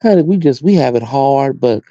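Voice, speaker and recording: A sassy, chatty American man hosting a live stream, his pitch swooping up and down as he talks. His voice is dark and mellow, recorded dry and a little dull. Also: expressive, moderate pace, no room sound. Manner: sassy, chatty, addresses viewers as honey and baby. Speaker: host. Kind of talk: casual live-stream chat.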